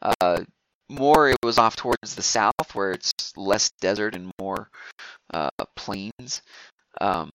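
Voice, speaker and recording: A man's voice: fairly low pitch, takes it slowly, fairly bright tone, slight background noise, rough recording. Rambling male game master. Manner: rambling, many fillers and restarts. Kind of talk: narrating a tabletop game.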